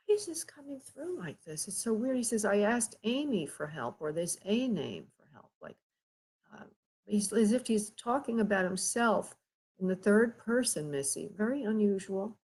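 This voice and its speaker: Husky-voiced woman giving a psychic reading. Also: medium pitch, lively intonation, darkish tone, rough recording. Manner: halting, pauses often, addresses caller with endearments. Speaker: psychic medium host.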